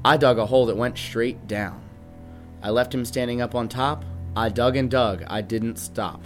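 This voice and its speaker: A young man reading a rhyming children's picture book aloud at a steady, rhythmic pace. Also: medium pitch. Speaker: guest reader, band musician.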